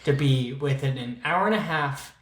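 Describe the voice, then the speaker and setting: A man's voice: medium pitch, normal speed. A man from Pittsburgh co-hosting a podcast, joking in a casual, sassy way with slang. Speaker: podcast co-host. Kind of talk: casual chat. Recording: echoey room.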